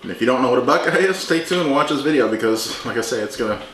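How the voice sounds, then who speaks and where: A man hosts a casual home cooking video in his kitchen, chatty and joking while he works and teasing his mother. His mid-range voice is expressive and rapid-fire. The kitchen echoes, with dishes and utensils clinking and clattering in a noisy background.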